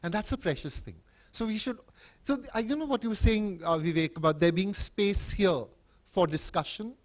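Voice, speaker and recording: An older man from Bombay, a teacher and writer, giving a public talk full of anecdotes in a wry, emphatic way, his voice swinging suddenly in loudness and pitch. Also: moderate pace, no echo. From Bombay, India. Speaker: teacher and writer speaking at a book event.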